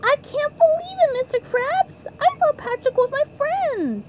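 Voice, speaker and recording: A woman voicing a cheerful young male sea sponge fry cook in a cartoon fan dub. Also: measured pace, highs cut off, a little hiss or hum, heavily acted. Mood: earnest. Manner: excitable, shrill whoops.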